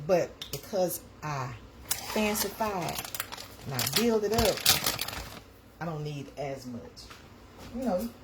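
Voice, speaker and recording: Woman, Georgia Southern accent, low voice, chatty and repetitive, noisy home stream. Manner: chatty, repeats her phrases, talks to viewers. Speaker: livestream host. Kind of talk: casual live chat while making breakfast. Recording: noisy home livestream audio.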